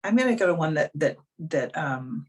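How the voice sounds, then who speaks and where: A woman's voice: low voice, animated, normal speed. A woman life coach hosting a live video coaching call, talking frankly and bluntly in a casual, chatty way.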